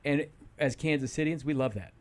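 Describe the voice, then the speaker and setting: A man's voice: on the high side, fairly quick. A man talking sports on a radio show in a studio, rambling and emphatic, often restarting his sentences. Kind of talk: casual sports talk.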